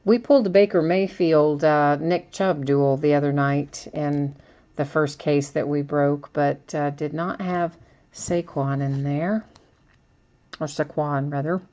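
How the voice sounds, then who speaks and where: A woman's voice: low-pitched, fairly even intonation, unhurried, warm tone, highs cut off. A woman hosting a live card break, chatting casually as she opens packs and reads out each card.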